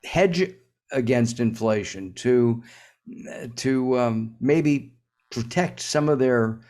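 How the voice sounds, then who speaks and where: A man hosting an interview show, asking questions with many pauses and "uh" fillers. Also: mid-range voice, a little mellow. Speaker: show host.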